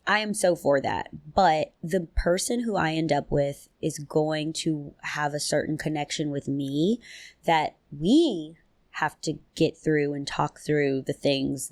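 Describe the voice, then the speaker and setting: A woman with a low voice hosting her own podcast alone, talking in a loose, chatty way with slang. She jumps up in pitch to act out quotes and laughs often. The sound is dry and close, with no room in it. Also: dry recording. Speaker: podcast host. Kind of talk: casual solo podcast chat.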